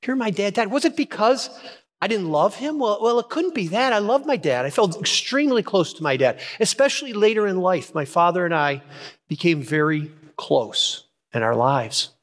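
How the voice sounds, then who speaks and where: Middle-aged male pastor, high-pitched, dramatic pauses; echoing church hall. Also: lively intonation. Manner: dramatic storytelling with pauses and repetition. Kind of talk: sermon. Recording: long hall reverb.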